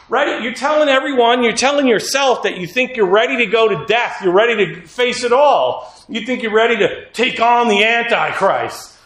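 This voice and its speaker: A man's voice: very high-pitched, lively intonation, normal speed, few pauses, fairly bright tone. A male preacher giving a sermon in an earnest, conversational way, sometimes acting out quotes. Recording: echoey room.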